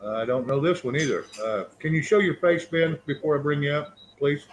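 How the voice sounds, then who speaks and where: A man's voice: fairly high pitch, a little fast, slight background noise, rough recording. A man hosting a livestream and bringing callers on, talking in a loose, rambling, friendly way. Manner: rambling, friendly and welcoming to guests. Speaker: livestream host. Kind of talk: casual chat.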